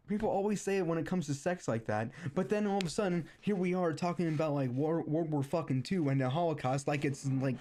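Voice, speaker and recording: A man's voice: mid-range voice, dark tone. A young man streaming a rambling, sarcastic rant that is full of restarts and repeated words.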